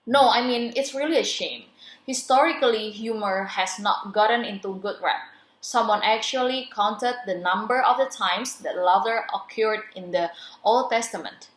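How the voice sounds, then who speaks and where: A young woman reading the part of a friendly male neuroscientist guest, explaining in plain, measured phrases. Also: medium pitch, lightly acted. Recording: roomy echo.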